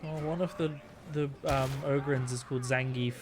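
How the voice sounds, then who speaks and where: A man's voice: medium pitch, fairly even intonation, normal speed, noisy background. A man streaming a video game, chatting casually with a friend, swearing freely and laughing often. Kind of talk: casual gaming chat.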